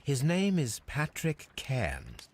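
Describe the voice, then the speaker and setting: An actor playing a cool, methodical detective who asks precise, measured questions in a video game. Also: male voice, medium pitch, huge pitch swings, a little mellow, husky, exaggerated voice. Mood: brisk. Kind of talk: video game character dialogue.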